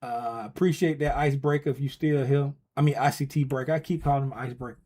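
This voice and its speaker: A man's voice: mid-range voice, fairly even intonation, fast talker, hardly any pauses, mellow. Playful man hosting a trading livestream. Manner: playful, teasing banter with viewers. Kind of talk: casual livestream chat.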